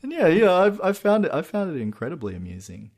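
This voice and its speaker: A podcast co-host on a casual film-review show recounts the plot in long, winding, animated sentences. His voice sits high and moves quickly.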